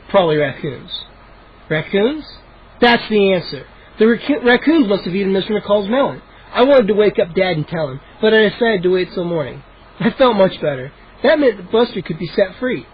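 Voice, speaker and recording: A man's voice: sits high, husky. A man cold-reading a children's book aloud, with occasional slips and restarts, in a dull lo-fi home recording. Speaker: audiobook reader. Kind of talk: cold-read storybook narration.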